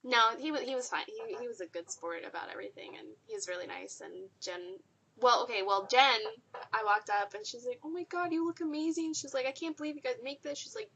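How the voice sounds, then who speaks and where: A woman's voice: fairly high pitch, fast, a bit bright. A young woman co-hosting a podcast, chatting casually with friends and telling a convention story with lots of laughter. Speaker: podcast co-host. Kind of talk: casual group chat.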